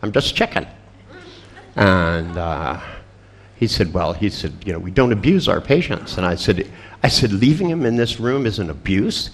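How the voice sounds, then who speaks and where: An older man at a seminar tells a crude, funny story in a lowish, expressive voice at normal speed. He laughs often, swears, and acts out the other people's lines.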